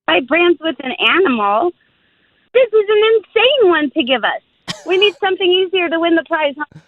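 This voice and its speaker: A woman's voice: very high-pitched, big pitch swings, normal speed, no room sound. A woman calling in to a radio show, nervous and giggly in the chat. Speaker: radio caller. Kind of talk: call-in chat. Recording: tinny phone line.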